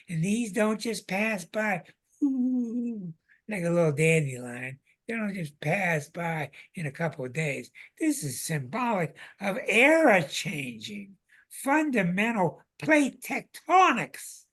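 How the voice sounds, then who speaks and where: Excitable, emphatic male astrology host. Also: high voice, a little slow. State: out of breath. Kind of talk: live online talk to viewers.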